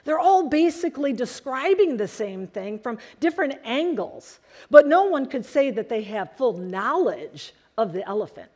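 A woman delivers a sermon, telling stories in an earnest, animated way. Her voice sits a bit high for a woman, and she leans hard on key words as she explains. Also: moderate pace. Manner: earnest storytelling, animated emphasis. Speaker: preacher.

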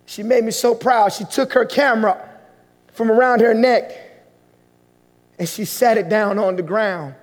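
A male pastor with a notably high, steady-toned voice recounts a touching sermon story. He takes his time, pausing so emotional beats can settle, while the church hall adds a long reverb.

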